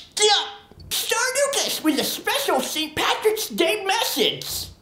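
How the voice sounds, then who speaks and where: A performer voicing a boastful oddball man who wants to be a leprechaun, in a comedy sketch monologue, lurching from manic shouts to low mutters. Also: big pitch swings, slow pace, heavily acted. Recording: roomy echo.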